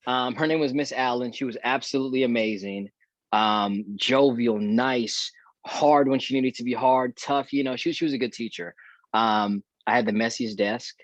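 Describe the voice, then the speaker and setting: A man's voice: medium pitch, moderate pace, dry recording. A man who is a guest actor, telling a story in a casual podcast chat and acting out the dialogue he remembers. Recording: dull, dry lo-fi audio.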